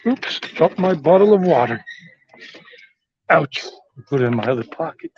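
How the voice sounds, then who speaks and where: A man's voice: a little high, animated, normal speed, dull audio, slight background noise. An American man giving a rambling, chatty walking tour outdoors on city streets. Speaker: tour vlogger.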